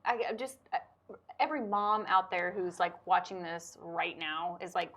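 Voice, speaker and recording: A woman co-hosting a casual chat, animated and quick to laugh along. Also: fairly low pitch. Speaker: co-host.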